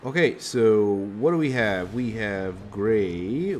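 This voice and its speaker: A man's voice: on the low side, expressive, slow, faint music behind. A Hungarian man chatting casually on a live stream while painting, thinking aloud, muttering to himself and swearing now and then.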